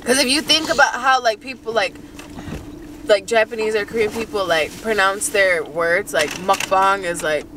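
A woman's voice: medium pitch, moderate pace, noisy background. A young woman co-hosting a couple's mukbang vlog, talking bluntly and playfully about food from inside a car. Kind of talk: casual mukbang chat.

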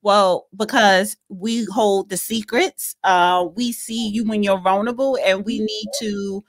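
A woman co-hosting a casual podcast chat, sassy and animated, calling people honey. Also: medium pitch, a little slow. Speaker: podcast co-host.

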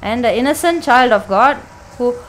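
A woman gamer playing a horror game, panicky and swearing, pleading out loud with the monster chasing her. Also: a little high, animated, normal speed, low-quality recording. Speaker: let's play gamer.

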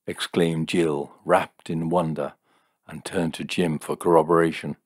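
Deep-voiced, slow male narrator. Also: level tone, a little mellow, dry recording, clean studio sound. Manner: measured, deliberate storytelling. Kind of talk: audiobook narration.

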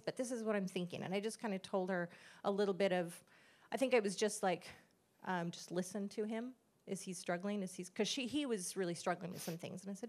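A middle-aged pastor's wife gives an earnest, conversational testimony at church, acting out the dialogue she quotes. She speaks briskly in a medium-pitched voice.

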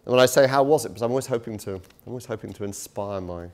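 A man's voice: lowish voice, racing. A middle-aged man giving a university lecture in a conversational, self-deprecating way, with many fillers and restarts. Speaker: guest lecturer. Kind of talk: public lecture. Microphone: touchy handheld mic.

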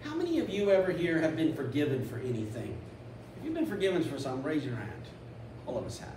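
A man preaching a sermon as pastor, animated, acting out a scripture story in quick little voices. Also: a little high, slight background noise. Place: church. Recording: echoey church room from a distance.

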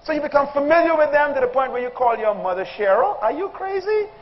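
Before a live congregation in a church hall, a male pastor gives a humorous sermon in a very high-pitched, fast voice, telling childhood stories with animation, acting out voices and calling on the audience. The sound is dull and reverberant.

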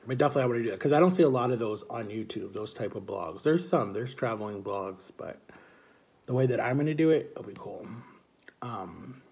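A man's voice: mid-range voice, lively intonation, quick pace, few pauses, darkish tone. A man chatting casually and upbeat in a vlog, filling his talk with "like". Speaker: vlogger.

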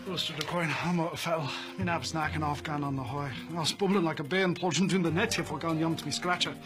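An actor playing a classmate who rattles off dense, baffling slang. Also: male voice, a little high, fairly even intonation, fast talker, over music, natural voice. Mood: rambling. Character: rapid slang-spouting male classmate.

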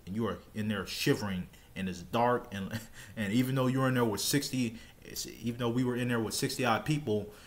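A man telling a personal story in a casual, rambling way, often repeating and restarting his words. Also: on the low side. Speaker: storytelling vlogger.

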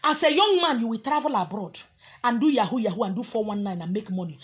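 A Nigerian-accented woman preaching with a strongly husky, breathy voice pitched a little high. She lectures her listeners sharply, scolding and confronting them as a spiritual teacher. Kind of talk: preaching to an audience.

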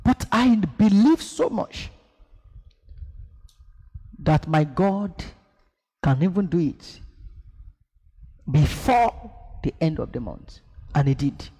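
A preacher with a high, swooping voice that rises and falls dramatically. He delivers an emphatic sermon with call-and-response and acted-out scenes, and the sound carries a long hall echo. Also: sing-song, slow, pauses often, warm tone, slightly rough. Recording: echoey hall.

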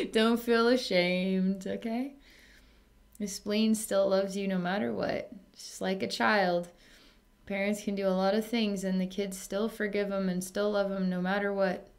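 A young adult woman speaking as a psychic healer, her voice at an ordinary middle pitch for a woman. She talks to an unseen client in a soothing, chatty way, full of fillers and soft laughs. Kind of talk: spoken distance healing session.

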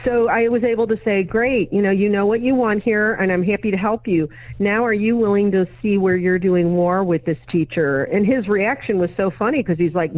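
Over narrow, phone-like remote audio, this podcast guest, an educator and consultant, narrates a story while performing both halves of an exchange in the remembered voices. Her mid-range voice moves at a moderate pace with few pauses, in a dry recording.

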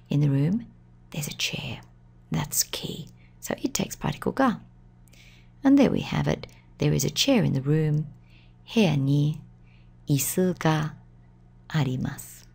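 A woman's voice: low-pitched, gravelly, darkish tone, husky. A woman teaching a language lesson, explaining grammar patiently step by step in a voice-over.

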